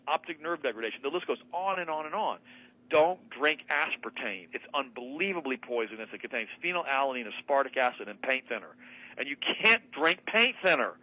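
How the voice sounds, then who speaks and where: Radio guest, male, quick and punchy, bright tone, plays out both sides of a dialogue. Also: mid-range voice, rough recording. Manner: fast, emphatic, acts out both sides of a conversation. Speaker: radio show guest, health doctor. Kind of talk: animated storytelling on a talk radio show. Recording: radio broadcast.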